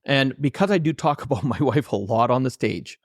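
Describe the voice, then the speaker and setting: A man's voice: medium pitch, animated, a little fast, dry recording, clean studio sound. A man guest on an interview podcast, telling heartfelt personal stories and acting out the lines of the people in them. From Canada. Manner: heartfelt, anecdotal, quotes his own dialogue. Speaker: author and trainer, guest.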